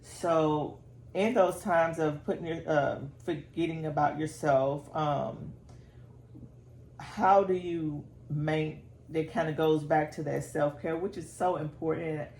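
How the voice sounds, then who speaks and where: A woman podcast host asking slow, measured, supportive questions in an interview. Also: low-pitched, steady tone, a little mellow. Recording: echoey room with faint background noise.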